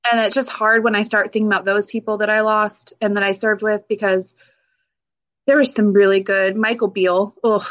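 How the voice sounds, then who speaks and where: A woman veteran speaks in an interview, her voice catching with emotion as she pauses, restarts and laughs nervously. Her pitch sits in an ordinary middle range, and the recording has a slightly dull, lo-fi quality. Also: little pitch movement, a bit bright. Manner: halting, emotional, with frequent fillers and nervous laughs. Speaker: military veteran guest.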